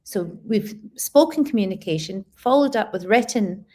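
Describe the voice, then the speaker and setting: A woman's voice: medium pitch, expressive, moderate pace, warm tone. A woman guest speaking as an educator in an interview, explaining practical points and often repeating words for emphasis. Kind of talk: conversational interview answers.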